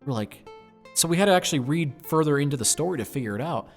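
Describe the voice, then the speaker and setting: A man's voice: a little high, animated, rapid-fire, soft background music. A man hosting a livestream panel, chatting in a playful, teasing way and laughing often. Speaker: livestream host. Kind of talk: casual panel chat.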